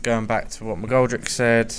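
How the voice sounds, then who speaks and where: An English man on a fan panel, speaking in a measured, hesitant way. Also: medium pitch, little pitch movement. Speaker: panel guest.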